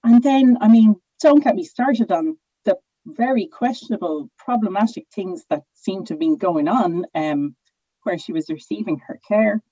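Woman, podcast panelist, dark husky voice, impassioned, dry muffled lo-fi sound. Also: medium pitch, lively intonation, moderate pace, dry recording. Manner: emotional, impassioned, talks in restarts. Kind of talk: casual podcast discussion.

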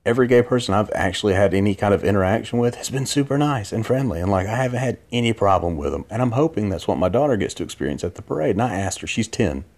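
A very low-pitched man talks through a late-night podcast monologue from his bed. He rambles and loops back on himself, drowsy and unhurried, restarting sentences as he goes. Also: lively intonation, a little mellow. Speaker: podcast host. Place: in bed at home.

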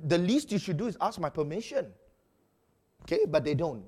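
A male pastor preaching a sermon in an animated way, acting out quotes with sudden loud outbursts. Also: on the high side, normal speed, slightly rough.

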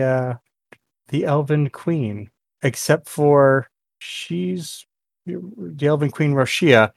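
A man running a tabletop game as game master, talking slowly with fillers and restarts. His voice is mid-pitched and recorded dry with no room sound. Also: dry recording. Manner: hesitant, many fillers and restarts.

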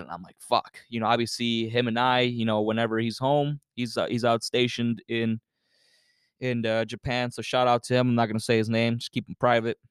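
Man telling a story, smooth dry voice. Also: mid-range voice, no echo. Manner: loose, profane, filler-heavy with many "you know"s. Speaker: podcast host. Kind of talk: casual storytelling monologue.

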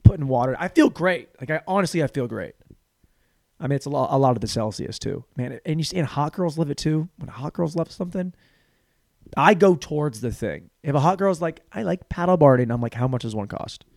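A man's voice: on the high side, animated, fast, gravelly, a little mellow, no room sound, studio quality. A man hosting a podcast, rambling crudely through a comedic monologue, with cluttered speech where his words tumble together, laughing at his own jokes. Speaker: podcast host. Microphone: studio mic on a stand.

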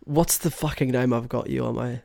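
A man's voice: mid-range voice, fairly even intonation, brisk, creaky, dark tone, no room sound, clean studio sound. A young man with a New Zealand accent co-hosting a podcast, congested and nasal, chatting loosely and laughing often. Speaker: podcast co-host. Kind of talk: casual podcast banter.

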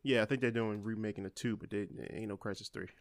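A man co-hosting a casual podcast, relaxed and moving the talk along. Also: lowish voice, quick pace, no room sound. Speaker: podcast co-host. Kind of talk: casual chat.

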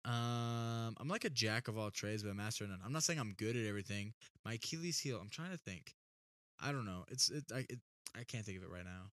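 A man's voice: fairly low pitch, lively intonation, brisk, a bit bright, dry recording, studio quality. A young man hosting a podcast in casual chat, rambling and self-deprecating. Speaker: podcast host.

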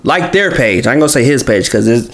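Hombre relajado que repite frases. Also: male voice, mid-range voice, lively intonation, quick pace. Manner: laid-back, repeats phrases, slangy. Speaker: podcast co-host. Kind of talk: casual podcast chat.

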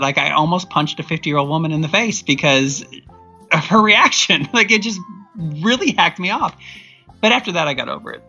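An emphatic podcast co-host vents in casual chat, pushing each complaint with exasperated energy. The tone is bright and forceful, while the recording sounds a little dull and lo-fi, with faint music underneath. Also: mid-range voice, lively intonation, a little fast, husky.

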